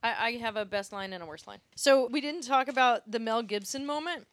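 Woman cohosting a movie podcast, kinda high voice, dry close sound, laughs a lot. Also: fairly quick, no echo. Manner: chatty, laughs easily, trails off softly. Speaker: podcast co-host. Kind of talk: casual chat, movie review podcast.

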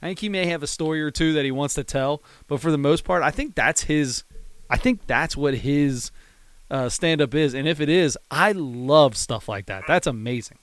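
A man co-hosting a casual podcast chat over a call, animated and getting loud when he riffs. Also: a little high, moderate pace, clean tone. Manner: animated, gets loud when riffing on a joke. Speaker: podcast co-host.

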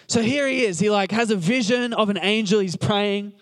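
A high-pitched man speaking at normal speed preaches casually, retelling a Bible story in a chatty, joking manner. He acts out the characters' lines as he goes, treating the scripture like a relaxed sermon.

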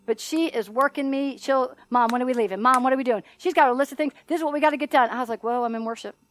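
A middle-aged woman minister telling a story in a sermon, animated and often laughing as she acts out the voices in it. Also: high voice, fast.

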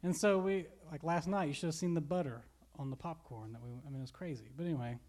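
A man's voice: a little high, fast talker, darkish tone. A pastor giving a casual, conversational sermon, rambling a little and repeating words as he goes. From Kentucky. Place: church.

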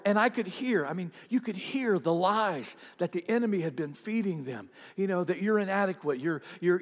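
A middle-aged man preaching a sermon as pastor, swinging from loud, emphatic declarations to hushed near-whispers and repeating lines for emphasis. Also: high-pitched. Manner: repeats lines for emphasis, speaks directly to the congregation. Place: large church sanctuary. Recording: church hall with long reverb.

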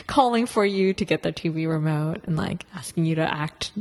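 A woman's voice: low voice, normal speed, a little mellow. Enthusiastic woman podcast host. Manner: enthusiastic, full of praise, many fillers like "like". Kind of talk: casual interview chat.

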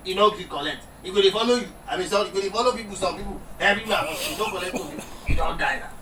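A man's voice: sits high, very fast, crowd noise. A man with a Nigerian accent, acting in a comedy skit, lamenting and pleading emotionally. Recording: echoey room from a distance with background noise.

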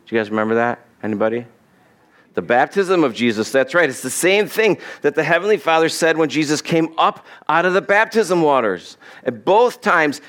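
A man's voice: on the high side, fairly bright tone. A male pastor giving a conversational sermon, acting out the lines he quotes and chuckling as he goes.

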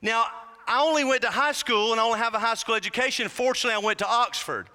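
Fervent preacher, bright high voice, reverberant hall. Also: male voice, fast, clean tone. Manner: fervent, builds to shouting whoops; humorous asides to the congregation. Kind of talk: sermon.

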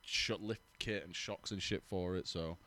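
A man's voice: deep voice, steady tone, moderate pace, a crowd in the background. A man co-hosting a car podcast, swearing and teasing his mates. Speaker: podcast co-host. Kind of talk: casual banter podcast.

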